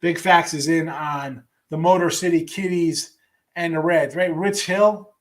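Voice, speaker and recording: A man's voice: a little high, fairly even intonation, a little slow. A man hosting a sports betting show, running through daily picks in a casual, offhand way with wry asides and trailing restarts, while reading a live chat.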